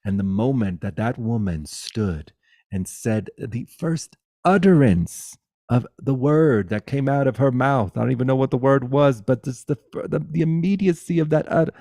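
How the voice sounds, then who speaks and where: A middle-aged man giving a guided spiritual talk over a video call, swinging between loud exclamations and soft, hushed musing, swearing playfully. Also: medium pitch, expressive, unhurried, no room sound, clean studio sound. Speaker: spiritual teacher.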